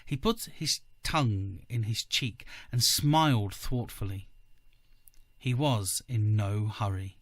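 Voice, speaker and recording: A man, a podcast co-host, reading a story aloud in measured first-person narration. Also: fairly low pitch, no room sound, clean studio sound. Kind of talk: audiobook reading.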